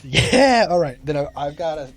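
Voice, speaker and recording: A man's voice: fairly high pitch, brisk, faint music behind. A man playing a tabletop game who explains and checks the rules closely. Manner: lively, sticks to the rules. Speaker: player. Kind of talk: casual tabletop play.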